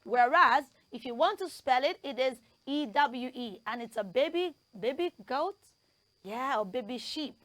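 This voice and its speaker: High-voiced woman teaching children. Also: dry recording. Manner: drills words slowly, letter by letter; lively call-and-response teacher voice. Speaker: children's TV presenter. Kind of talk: pronunciation lesson for children.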